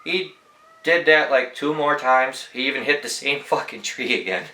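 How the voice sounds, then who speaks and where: In a relaxed, rambling way, a young podcast host shares casual anecdotes and swears freely. His medium-pitched voice comes across bright and forward at a normal pace, and the room has a noticeable echo.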